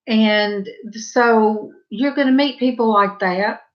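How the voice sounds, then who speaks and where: A middle-aged woman with a Southern accent, telling rambling, chatty stories in a casual vlog and brightening her voice whenever she quotes herself. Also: fairly high pitch, slow pace, highs cut off. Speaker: vlogger. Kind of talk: casual storytelling.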